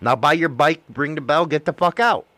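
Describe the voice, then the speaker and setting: A man's voice: a little high, a little fast, bright, forceful tone, no echo. A man in casual chat, ranting bluntly and swearing constantly. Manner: blunt, heavily profane ranting.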